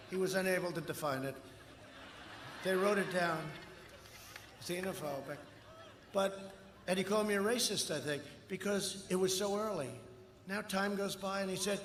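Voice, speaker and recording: Rambling and repeating himself with mocking digs, a septuagenarian candidate addresses a large outdoor rally. He talks at normal speed, his high voice fairly bright. Faint noise and long, echoey reverb come through the rally speakers.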